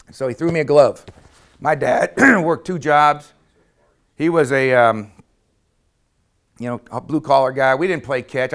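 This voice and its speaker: A man's voice: mid-range voice, fairly bright tone. A middle-aged man telling a self-deprecating, humorous story from his childhood as a motivational talk.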